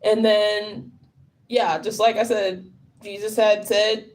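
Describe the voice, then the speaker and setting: A woman's voice: medium pitch, flat delivery, slow, a little mellow. A tired woman talking on a casual livestream, rambling, swearing and sounding frustrated.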